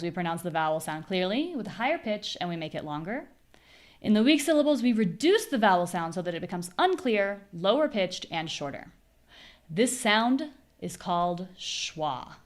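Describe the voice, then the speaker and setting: A young American woman teaching a live online pronunciation class, clearly drilling syllables and explaining word stress. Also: mid-range voice. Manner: clear, demonstrative, repeats syllables slowly for drills.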